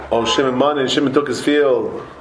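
A man giving a Talmud class lecture, animated, repeating words and joking with his students. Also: mid-range voice, a little slow, slight background noise. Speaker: Talmud teacher. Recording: roomy echoey room.

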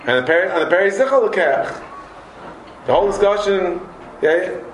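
A man teaches a Talmud class in a lively, animated way, often repeating words and joking with his students. His voice sits a little higher than most men's. The room around him is echoey. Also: a little fast, background noise.

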